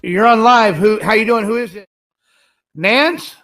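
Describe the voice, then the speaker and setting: A man hosting a live call-in stream, greeting callers with loud, upbeat energy. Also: high voice, a little slow, soft background music.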